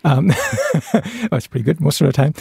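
A man's voice: fairly high pitch, wildly swooping pitch, normal speed, creaky, darkish tone, slightly rough, dry recording, clean studio sound. A man co-hosting a casual finance podcast, hesitant and rambling with plenty of fillers. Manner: hesitant, many fillers and restarts, laughs easily. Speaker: co-host and analyst.

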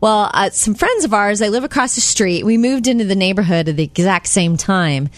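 A woman co-hosting a radio show, chatting casually and telling stories with a very lively, swooping pitch. She jumps into high voices when she quotes people, and her voice sounds close and dry. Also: fairly quick, dry recording. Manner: animated storyteller, acts out quotes in high voices. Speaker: co-host.

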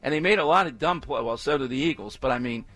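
A man's voice: medium pitch, fast talker, a bit bright, faint music behind. A man hosting a talk radio show, delivering an emphatic, opinionated monologue full of repetition. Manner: emphatic, repetitive, mocking chants with exaggerated inflection.

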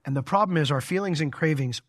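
A man preaching a conversational, animated Bible teaching sermon as a pastor. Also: fairly high pitch, quick pace, no room sound, studio quality.

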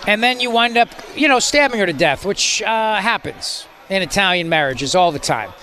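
Brief: male talk radio host, mocking and rambling, high bright voice. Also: animated, normal speed.

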